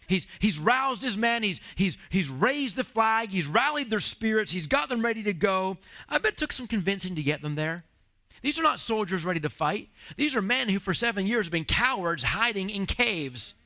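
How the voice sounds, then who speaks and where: Man, pastor, sermon, high voice, bright forceful tone, animated storytelling. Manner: animated storytelling with playful acted asides. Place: church sanctuary.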